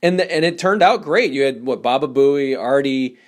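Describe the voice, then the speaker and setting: A man at a middle pitch asks a guest casual questions. He often stops and restarts his sentences as he works out what to ask. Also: normal speed. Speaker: interviewer.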